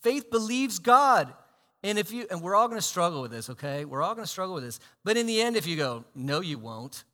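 Man, pastor, sermon, bright tone, loud bursts and hushed asides, long reverb. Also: high voice, quick pace. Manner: animated, swinging between loud emphasis and hushed asides.

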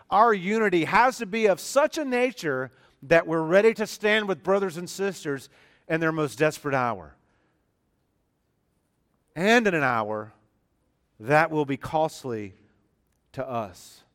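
A man preaching from the pulpit with a smooth, resonant voice that sits a little higher than most men's. He talks to the congregation in a conversational way and stops to restart and repeat phrases. He leans hard on the key words to drive them home. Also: lively intonation, a little slow, long pauses, a bit bright. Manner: earnest and emphatic, stressing key words. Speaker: pastor. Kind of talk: sermon.

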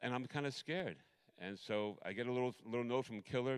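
A middle-aged man preaching a sermon, telling a personal story in a rambling, animated way with many restarts. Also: mid-range voice, fairly quick, smooth.

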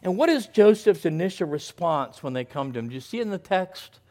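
A male pastor preaching a sermon in an earnest way, moving between quiet, thoughtful passages and emphatic ones. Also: high voice, big pitch swings, brisk.

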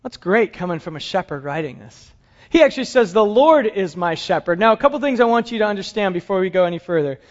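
A man's voice: sits high, expressive, quick pace. A man preaching a conversational sermon to his congregation, with light humor. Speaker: pastor. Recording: dull lo-fi sound.

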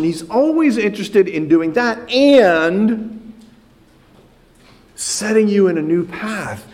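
A man preaching a sermon, earnest, often repeating words as he builds a point. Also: sits high. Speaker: pastor.

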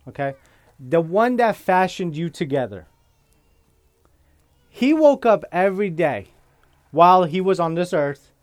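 A man preaching a sermon as pastor, slow and deliberate, often checking in with his listeners by asking "okay?". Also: high-pitched, no echo.

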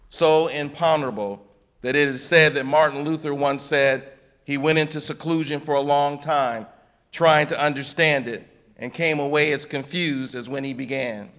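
A man preaching a Good Friday sermon, measured and emphatic, lifting his voice on the quoted cries from the cross. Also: fairly high pitch, sharp tone.

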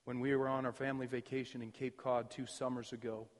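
A man preaching a sermon as pastor, his emphasis surging loud and then dropping to near quiet. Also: mid-range voice, little pitch movement, fast. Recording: reverberant hall.

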